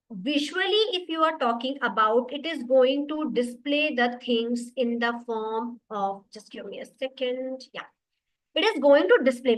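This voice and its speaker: A woman's voice: high voice, a bit bright, poor audio. A woman teaching a web development class online, explaining patiently and repeating her points for the students.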